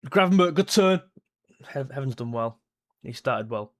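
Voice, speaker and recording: A young man, reacting live to a football match, blunt and frustrated, jumping to excited shouts at chances. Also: medium pitch, normal speed. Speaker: football fan streamer. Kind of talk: live match watchalong commentary.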